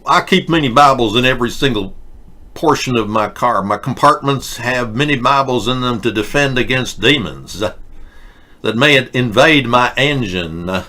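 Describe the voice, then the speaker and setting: A man's voice: medium pitch, normal speed, pushed and bright. A man hosting a satirical political show, delivering sarcastic, mocking, rambling rants. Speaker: host.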